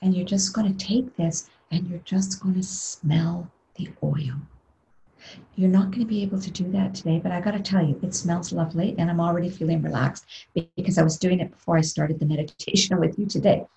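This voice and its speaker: A middle-aged woman leading a guided meditation webinar over a video call, talking gently and unhurriedly, sometimes dropping into a breathy whisper. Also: on the low side, steady tone, fairly quick, a little hiss or hum, rough recording. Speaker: meditation instructor.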